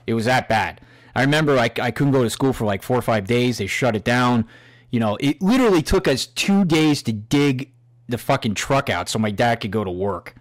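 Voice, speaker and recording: A man's voice: mid-range voice, expressive, normal speed. Middle-aged male podcast host, profane and rambling, casual storyteller. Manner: profane, storytelling, swears constantly.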